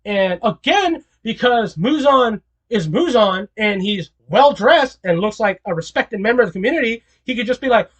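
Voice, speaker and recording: A man delivers a casual commentary monologue in an animated, incredulous way. He rambles, restarts his sentences and repeats his questions as he talks. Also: high-pitched, normal speed, few pauses, breathy edge. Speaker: video creator.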